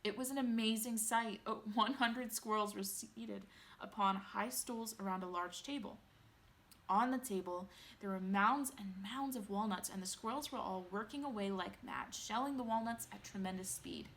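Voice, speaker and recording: A woman reading a bedtime story aloud, lively and expressive. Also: mid-range voice, moderate pace.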